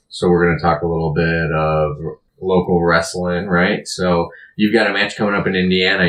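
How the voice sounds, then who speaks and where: A man's voice: low-pitched, a bit bright. A man co-hosting a wrestling podcast in casual chat, laid-back and rambling, laughing often. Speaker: podcast co-host. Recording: distant mic with faint noise.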